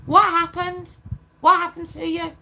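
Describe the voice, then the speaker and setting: Bright-voiced chatty woman host. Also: very high-pitched, little pitch movement, measured pace, vocal fry, slight background noise. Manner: chatty, laughing, reads out viewer comments. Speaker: true crime livestream host. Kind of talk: casual live chat with viewers.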